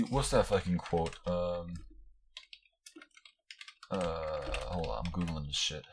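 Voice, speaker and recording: A man's voice: moderate pace, husky. A young man hosting his own podcast, ranting casually and profanely, rambling with constant fillers. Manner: mocks others in high squealing voices. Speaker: podcast host. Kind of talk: casual solo rant.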